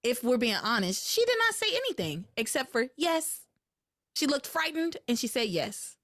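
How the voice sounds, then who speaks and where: A woman hosting a podcast, recapping a soap opera casually and acting out the characters' lines in quick voices. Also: sits high, very animated, a bit bright, dry recording, studio quality. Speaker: podcast host.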